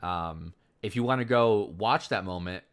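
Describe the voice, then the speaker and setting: A young man co-hosting a podcast in a relaxed, rambling way. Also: on the low side, a little slow. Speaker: podcast co-host. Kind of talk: casual podcast chat.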